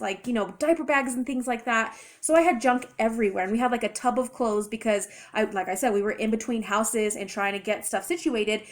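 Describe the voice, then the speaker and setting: A young woman speaks a little higher than most, telling a storytime to camera. She rambles in a chatty, expressive way, with the ease of casual vlog talk. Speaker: vlogger.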